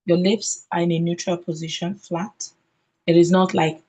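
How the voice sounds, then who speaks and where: A woman training teachers in phonics, modelling letter sounds slowly and deliberately and checking in with "okay?". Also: lowish voice, darkish tone, slightly rough, poor audio. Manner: ends points with a questioning "okay?".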